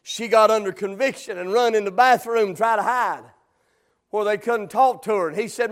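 A middle-aged man preaching a sermon with fervent, shouted cries and drawn-out phrases. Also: high voice.

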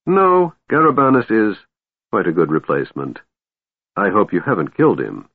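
A man voicing a cold, scheming female warlord who speaks coolly and smoothly. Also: on the low side, wildly swooping pitch, normal speed, no echo, heavily acted. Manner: cool, cutting, smooth. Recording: narrow phone-like sound, dry.

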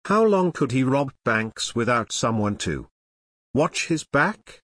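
A man reading scripted true-crime narration in a measured, expressive storytelling manner. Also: mid-range voice, no echo, studio quality.

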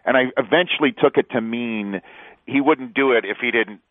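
A man's voice: medium pitch, moderate pace, no room sound. A man, a sports broadcaster, telling stories as a guest in a casual interview, laughing often and acting out quotes. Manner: animated storyteller, laughs often, acts out quotes. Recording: dry, phone-line sound.

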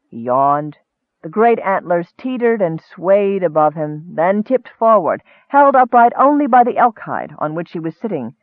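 A man narrating a fantasy story in a lively, expressive reading, recorded narrow and dry. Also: a little high, no echo. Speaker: audiobook narrator.

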